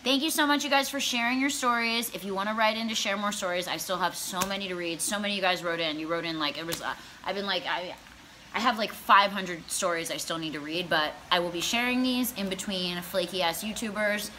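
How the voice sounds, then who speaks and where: A woman's voice: medium pitch, fairly quick, noisy background. A young woman telling a comedic storytime vlog, brash and profane, laughing as she goes. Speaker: comedy vlogger.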